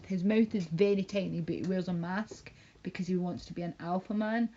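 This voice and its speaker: A woman's voice: on the low side, steady tone, fairly quick, mellow, highs cut off, a little hiss or hum. A woman streaming live from home, ranting casually in a rambling, profane and mocking way. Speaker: livestreamer. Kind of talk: casual livestream rant.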